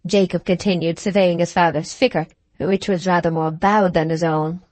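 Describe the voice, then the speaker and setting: A woman narrating a classic novel for an audiobook in a measured, even storytelling manner. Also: on the low side, dry recording.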